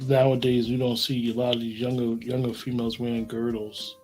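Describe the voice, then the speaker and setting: A man's voice: medium pitch, flat delivery, a little fast, darkish tone, soft background music. A man hosting a casual podcast discussion, rambling and repeating himself as he makes his point.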